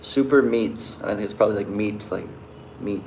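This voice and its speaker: A young man talks loosely to his viewers, his voice sitting a little low. He drifts and restarts, stringing thoughts together with "like." The room is echoey, with a faint hiss behind him. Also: level tone, fairly quick, a little mellow. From Canada. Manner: rambling, loose, many likes and restarts. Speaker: vlogger answering live chat. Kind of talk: casual chat.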